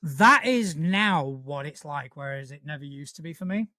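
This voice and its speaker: A man from Spain co-hosting a podcast who talks in a casual chat style, pausing and restarting often. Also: a little high, pushed and bright, no echo, clean studio sound. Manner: hesitant, with many restarts and fillers. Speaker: podcast co-host.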